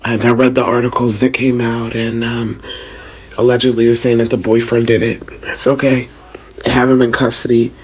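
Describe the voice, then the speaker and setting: Husky, rambling grief-stricken man. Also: mid-range voice, little pitch movement, moderate pace. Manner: rambling, hesitant, angry and profane. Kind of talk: emotional casual vlog talk.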